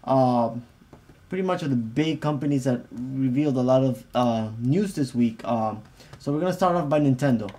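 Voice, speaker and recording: A man's voice: mid-range voice, normal speed, dark tone. A man co-hosting a podcast in casual, loose and joking chat. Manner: loose and joking, with fillers and laughs. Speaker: podcast co-host.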